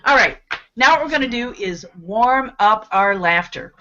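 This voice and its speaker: A cheerful woman leads a live laughter yoga session on a video call, her slightly high, bright voice coaching, cheering and breaking into laughs. She talks slowly and encouragingly. The sound is dull and lo-fi, like a streamed call. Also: expressive, a little hiss or hum. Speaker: host leading laughter yoga. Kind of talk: live online group session.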